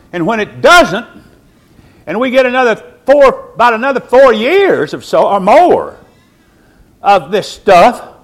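A male preacher, delivering a sermon with slow, deliberate emphasis, swinging from quiet, low lines to loud, high cries.

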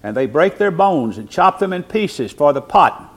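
Preacher man, high voice, wildly swinging pitch, sermon, slow deliberate emphasis. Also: very animated. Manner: swings from low and quiet to loud and high, preaching.

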